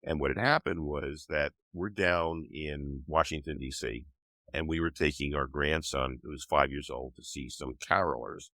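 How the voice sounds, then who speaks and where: A man's voice: extremely low pitch, moderate pace, sharp tone, dry recording. An older man with a cold, patiently explaining ideas as a guest author in an interview. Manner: patient, teaching tone. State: has a cold.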